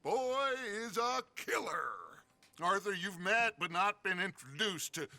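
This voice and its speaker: An actor playing a smooth-talking middle-aged outlaw gang leader who speaks in theatrical, flowery introductions. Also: male voice, sits high, animated, unhurried, bright, forceful tone, dry recording, full character voice. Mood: flattering.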